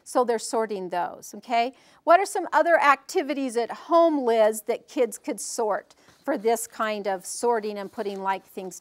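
Woman, workshop presenter; lively storyteller, high voice, dry close recording. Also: no room sound. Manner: animated storytelling, asks the audience questions. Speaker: early-learning workshop presenter. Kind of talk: teaching a parent workshop.

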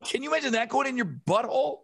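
A man's voice: extremely high pitch, animated, rapid-fire, gravelly, fairly bright tone, dry recording. Middle-aged man with crude, blunt banter. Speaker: podcast co-host. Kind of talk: casual chat.

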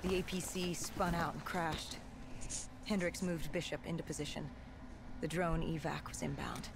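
An actress voicing a female soldier who narrates a mission in a measured, grave way. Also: sits low, steady tone, creaky, heavy background noise. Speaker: game character narrator. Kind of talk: scripted game narration. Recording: game audio under commentary.

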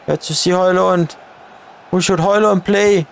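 Excitable man shouting over a football game. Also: high voice, slow, gravelly, some chatter behind, slight background noise. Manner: exclaims "oi" at chances, shouts at players. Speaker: gaming YouTuber. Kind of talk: excited live game commentary.

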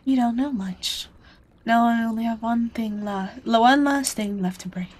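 A woman's voice: fairly high pitch, fairly even intonation, a little slow, a little mellow. Woman reading as a sinister snake spirit. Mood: menacing.

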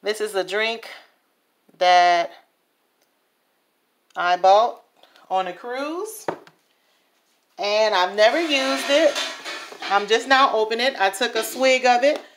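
A woman's voice: on the high side, slow, long pauses, a bit bright, a little hiss or hum. Chatty New woman cooking at home. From New Orleans, USA. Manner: chatty, keeps checking in with the viewer. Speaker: home cook. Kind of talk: casual cooking vlog.

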